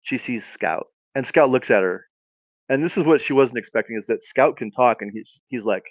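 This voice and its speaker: A man's voice: mid-range voice, lively intonation, normal speed, dry recording, lo-fi sound. A man co-hosting a podcast, telling a comedic story in a rambling, casual way. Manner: rambling, lots of fillers and restarts. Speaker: podcast co-host.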